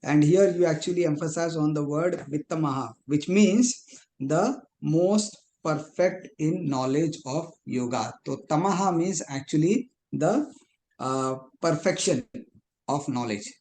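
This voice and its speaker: Man, student, halting, video call, warm higher voice, echoey room, faint noise. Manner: halting, many pauses and restarts. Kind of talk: explaining a verse in an online class.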